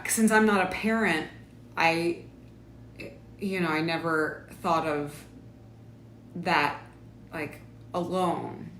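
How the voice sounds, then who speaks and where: A woman's voice: on the low side, pushed and bright. A young woman hosting a casual live stream from home, chatting and reading viewer comments aloud. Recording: echoey room with faint background noise.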